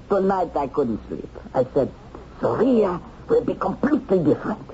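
A mocking, chuckling hunter. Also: male voice, high voice, sing-song, moderate pace, dark tone. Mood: taunting. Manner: taunting, given to chuckles. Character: male hunter of a war criminal, mocking then torn. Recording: dull old TV soundtrack, some noise.

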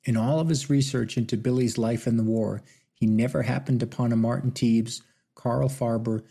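A man narrating an audiobook in a steady, unhurried reading. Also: medium pitch. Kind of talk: scripted narration.

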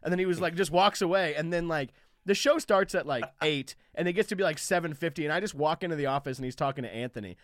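A man's voice: a little high, fast, dry recording, clean studio sound. A young man and comedian telling a long anecdote in a rambling, casual way on a podcast. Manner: rambling, animated anecdote-telling with many fillers. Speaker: comedian and guest. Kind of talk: casual storytelling chat.

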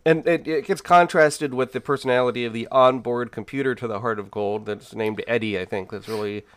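A man co-hosting a podcast, speaking in a measured, thoughtful way with frequent fillers. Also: medium pitch, fairly even intonation, a bit bright, no room sound. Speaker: podcast co-host. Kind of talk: casual discussion.

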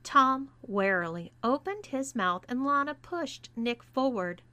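A woman reading a scripted story aloud as narrator, in a deliberate manner. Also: high voice, animated, sharp tone, no echo. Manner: slow and deliberate. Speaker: erotica reader.

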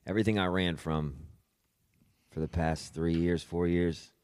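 Deep-voiced young man telling a hard story. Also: steady tone, a little mellow, smooth, no echo. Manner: halting, repeats words, swears casually. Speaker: podcast guest. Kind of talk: personal storytelling.

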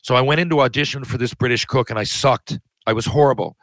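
A man's voice: medium pitch, fast talker, fairly bright tone, dry recording, poor audio. A man telling long, rambling anecdotes in a casual chat, often restarting his sentences. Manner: rambling, self-interrupting anecdotes. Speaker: podcast guest. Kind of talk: casual storytelling.

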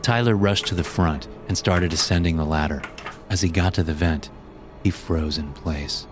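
A man narrating a scripted horror story in a measured, grim way. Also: deep voice, noisy background. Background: background music.

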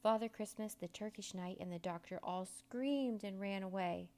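A woman narrating a children's storybook aloud in an expressive, measured way. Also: mid-range voice.

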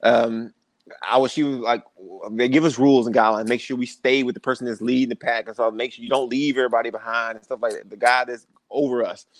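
A young man tells stories as a podcast guest, jumping into the voices of the people he quotes. His pitch sits mid-range, and he is recorded close and dry, with no room sound. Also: fast, no echo. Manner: animated storyteller, acts out quoted voices. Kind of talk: storytelling in casual interview.

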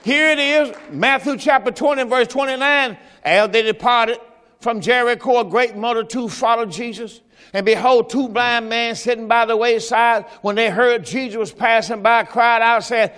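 High, bright preaching man in a hall. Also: moderate pace, a faint crowd. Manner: preaching with call-and-response urging, rising to shouts. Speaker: pastor. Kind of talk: sermon. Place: church sanctuary. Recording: hall reverb in a church.

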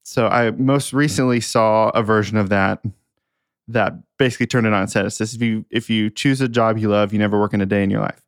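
A young man co-hosting a casual company podcast, chatting quickly and reading out listener questions. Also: on the low side, steady tone, clear, resonant tone, no echo, clean studio sound. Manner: chatty, quick, laughs easily, lots of fillers.

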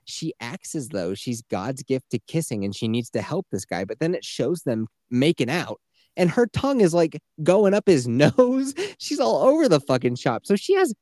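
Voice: medium pitch, sing-song, moderate pace, warm tone, no echo, studio quality. A podcast co-host in casual chat, talking bluntly with lots of swearing and mockery. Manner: blunt, profane, mocking.

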